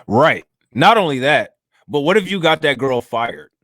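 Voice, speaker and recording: A man's voice: a little high, lively intonation, normal speed, a bit bright, no room sound, clean studio sound. A man co-hosting a commentary show, talking in a mocking, profane, casual way. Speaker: co-host.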